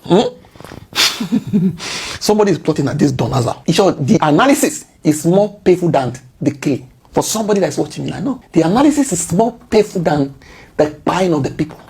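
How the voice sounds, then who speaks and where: A woman's voice: fairly low pitch, lively intonation, fairly quick, darkish tone, a little hiss or hum. A woman with a Nigerian accent mixing in Pidgin, giving impassioned political commentary full of indignant rhetorical questions and repeated key words.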